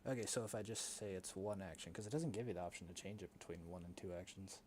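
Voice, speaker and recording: Male player with a lowish voice, casual and self-deprecating, faint room noise. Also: fast talker, darkish tone. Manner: self-deprecating, thinking aloud. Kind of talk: casual tabletop game chat.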